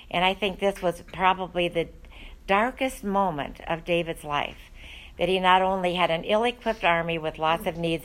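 Woman leading bible study, lowish voice, earnest and chatty w lots of ums. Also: rough recording. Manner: conversational and earnest, with frequent fillers.

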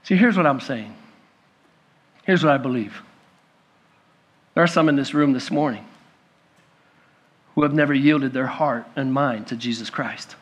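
A male pastor preaching a sermon to a congregation, rising to emphatic peaks and dropping to hushed pleading. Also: mid-range voice, unhurried, pauses often, breathy edge.

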